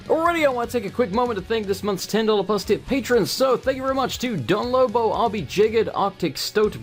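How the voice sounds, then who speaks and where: A man with an English accent giving joking, rambling let's play commentary as a gaming video host. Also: sits high. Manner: rambling, joking, self-deprecating.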